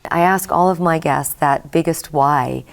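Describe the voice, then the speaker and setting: A woman's voice: low-pitched, a little slow, gravelly. A woman hosting an interview show, affirming her guest and closing the episode with thanks to viewers. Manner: warm affirming responses. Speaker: show host.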